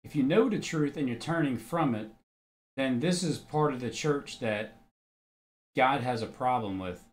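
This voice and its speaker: A man's voice: mid-range voice, lively intonation, unhurried. Blunt, argumentative man preaching casually. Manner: blunt, argumentative, swears freely. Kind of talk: casual religious commentary.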